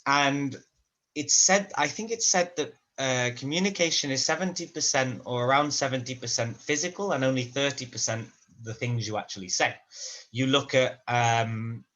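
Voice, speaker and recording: A man's voice: medium pitch, fairly bright tone. A man in a language-practice conversation, speaking thoughtfully and rambling, often restarting his sentences, over a video call. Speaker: language student in a conversation class. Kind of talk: casual spoken-practice conversation.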